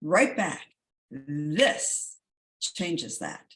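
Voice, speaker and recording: A woman's voice: deep voice, big pitch swings, extremely slow, a bit bright. A woman wellness coach talking emphatically and repeating key words for stress. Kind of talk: enthusiastic wellness talk.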